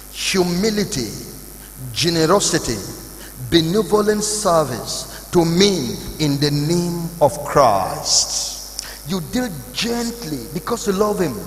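A man's voice: high voice, a little hiss or hum. A man, a pastor, preaching emphatically to a youth conference and acting out the voices he quotes. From Nigeria. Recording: echoey hall recording.

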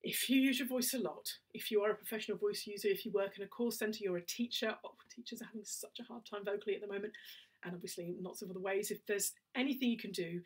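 A woman's voice: medium pitch, fast, slightly rough, far from the mic. A woman with a southern English accent, a singing teacher giving a casual spoken lesson, chatty and prone to little laughing asides. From England.

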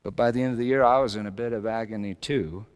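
A middle-aged male pastor preaching a sermon, swinging between loud emphatic lines and hushed low phrases. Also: steady tone, fast talker, clean tone. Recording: long hall reverb.

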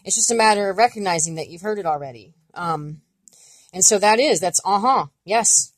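A woman's voice: medium pitch, a little fast, dry recording. Chatty woman teaching a language lesson. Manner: relaxed and chatty, with many fillers and playful demonstration sounds. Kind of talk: casual online language lesson.

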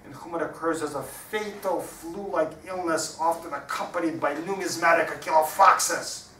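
A man's voice: on the high side, steady tone, moderate pace, bright, forceful tone. A man voicing a fussy, pedantic male parrot who lectures with precise wording, in an echoey hall from a distance. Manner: precise, lecturing, easily offended. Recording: echoey hall, distant mic, faint hiss.

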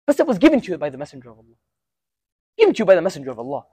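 A man's voice: on the high side, huge pitch swings, racing, mellow, slightly rough, no room sound. A young man giving an informal religious storytelling lesson to a student group, talking casually and conversationally and using frequent Arabic filler words. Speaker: student speaker at a university Muslim association.

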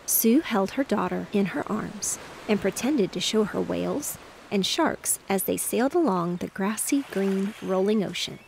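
A woman narrating a bedtime story in a gentle, even, soothing way. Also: mid-range voice, a little slow, gravelly, a little hiss or hum.

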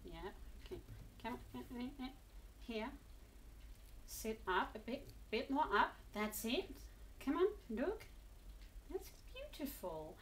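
Woman from England, a pet owner filming at home; slow, gentle, encouraging delivery with faint background hum. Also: on the high side, very animated. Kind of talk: coaxing talk to a pet.

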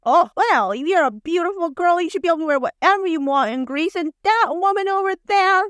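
A woman's voice: very high voice, expressive, fairly quick, a bit bright, dry recording, clean studio sound, pitched above the performer's own voice. A woman imitating a smug older woman who mocks and insults in a sing-song voice. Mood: smug mocking. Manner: mocking, sing-song, catty.

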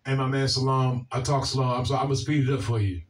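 A man's voice: medium pitch, fairly even intonation, fast, distant mic. A man with a Washington, D.C. accent hosting a video, answering viewer comments in a blunt, profane way and often repeating himself. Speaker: video host.

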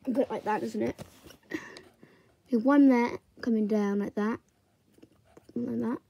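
Young woman, drawing tutor, unhurried and chatty, narrates step by step. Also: a little high, fairly even intonation, creaky, dark tone, slightly rough.

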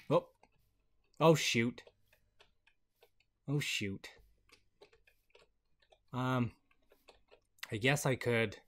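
A man hosting a casual gameplay video on a headset mic, excitable and chatty, laughing often. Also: medium pitch, very slow, pauses often. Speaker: gaming video host.

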